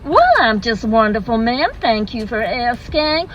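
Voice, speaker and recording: A woman's voice: on the high side, lively intonation, a little slow, muffled recording, a little hiss or hum. A woman putting on a mock American accent to play an overly polite, gushing drive-through worker who keeps saying ma'am. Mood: sugary eager. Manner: sugary, eager, calls everyone ma'am.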